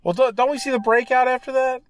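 A man's voice: extremely high pitch, steady tone, quick pace. A man in casual chat recapping a movie, exasperated and profane.

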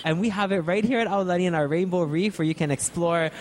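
A man teaching basic Hawaiian phrases in a playful lesson, encouraging and repeating words slowly. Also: high-pitched, slight background noise. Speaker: Hawaiian language instructor.

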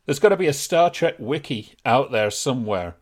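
A man's voice: medium pitch, animated, moderate pace. A man co-hosting a podcast in casual chat, making dry, wisecracking remarks. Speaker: podcast co-host.

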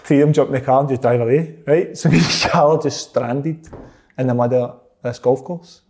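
A man's voice: medium pitch, fairly quick, a little hiss or hum. Scottish guy telling a wild story, laughs a lot, does everyones lines. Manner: animated, laughs often, acts out quotes. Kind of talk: casual storytelling.

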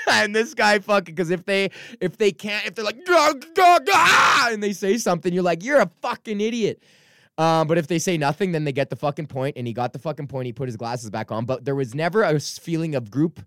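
A stand-up comic in his thirties hosts his own podcast, talking in a loose, profane, rambling rant. His voice is smooth and clear, and the recording is close and dry. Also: mid-range voice, no room sound. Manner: profane, rambling, animated impressions. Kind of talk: casual ranting monologue.

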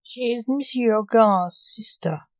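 A woman's voice: a little high, slow, no echo, poor audio. A woman reading the lines of a sad, lovesick young prince in a story, in her own voice. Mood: gloomy.

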